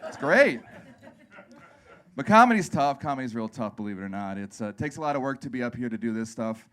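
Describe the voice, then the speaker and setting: A man's voice: medium pitch, big pitch swings, a little fast, fairly bright tone, clean tone. A man in his thirties from Wisconsin doing a live stand-up set on a comedy club stage into a handheld mic. He is self-deprecating and crude, and he acts out the voices of other people.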